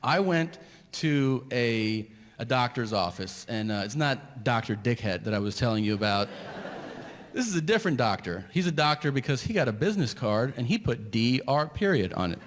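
A man's voice: medium pitch, big pitch swings, normal speed. A man doing a stand-up set, telling a story and acting out the voices. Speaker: stand-up comedian. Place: theater stage. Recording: echoey live hall with audience noise.

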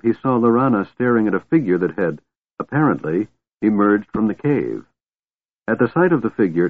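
A man narrating an audiobook with steady, dramatic storytelling. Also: low voice, no room sound. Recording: tinny, dry, phone-like sound.

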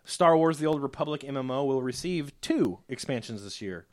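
A man's voice: mid-range voice, lively intonation, brisk, a little mellow. A man co-hosting a gaming podcast, running through news items in an easygoing, joking way. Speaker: podcast co-host reading news. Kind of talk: casual chat and news rundown.

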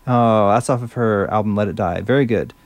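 A man's voice: lowish voice, brisk, no echo. A male radio host chatting casually between songs, enthusiastic and fumbling a little over French words.

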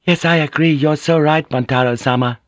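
Deferential young noblewoman, put on by a male narrator, soft, soothing, eager to please. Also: a little high, fairly even intonation, fairly quick, no room sound, pitched above the performer's own voice, lightly acted. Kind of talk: audiobook character reading.

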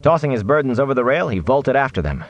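A man reading a fantasy novel aloud in animated, expressive audiobook narration. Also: mid-range voice, fast talker, no echo, dull audio.

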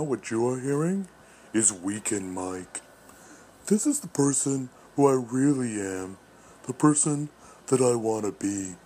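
A man voicing his own laid-back weekend alter ego in a recorded message, with a slow, mock-earnest confession. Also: mid-range voice, mellow, slight background noise, natural voice.

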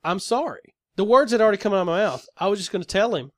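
A man rattles off a story at a quick clip in a fairly high voice, swearing freely and acting out both sides of an argument. The sound is close and dry, with no room around it. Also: dry recording. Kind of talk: casual conversation.

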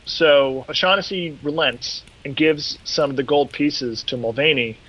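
A man with a slightly high, breathy-edged voice hosts a podcast, speaking a little slowly as he retells an episode in casual chat and acts out the quotes with animation. The highs are cut off in the recording.

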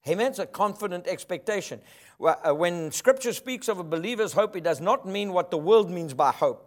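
A man preaching a sermon, emphatic and rhythmic, often asking the congregation for an amen. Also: sits high. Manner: emphatic, call-and-response preaching.

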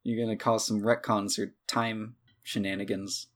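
Relaxed man narrating as game master. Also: fairly low pitch, normal speed. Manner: relaxed, hesitant with fillers.

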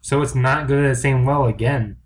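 A man's voice: medium pitch, fairly even intonation, a little fast, a little hiss or hum. A man co-hosting a comedy podcast in casual chat, rambling, crude and self-mocking. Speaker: podcast co-host.

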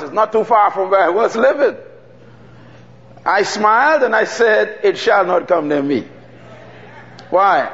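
A man preaching a sermon, telling stories with dramatic pauses and calling out to the congregation. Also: high-pitched. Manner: animated storytelling with dramatic pauses and call-and-response. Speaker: pastor. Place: church hall. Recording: dull sound with long hall reverb.

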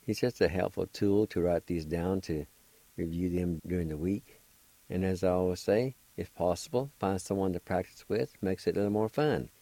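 A man's voice: sits low, moderate pace, dark tone, dry recording, poor audio. A man hosting a radio language lesson, spelling out words letter by letter and repeating each syllable patiently. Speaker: language teacher and radio host.

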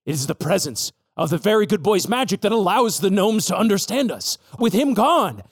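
A man's voice: high voice, sing-song, normal speed, no room sound, clean studio sound, pitched above the performer's own voice, exaggerated voice. A man voicing a grim old gray shaggy male sheepdog who speaks solemnly in a tabletop game. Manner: solemn, pleading.

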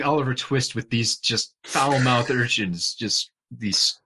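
A man's voice: mid-range voice, fairly even intonation, moderate pace, few pauses, bright, forceful tone. A man hosting a movie commentary podcast in casual chat, jokey and giggly. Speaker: podcast host.

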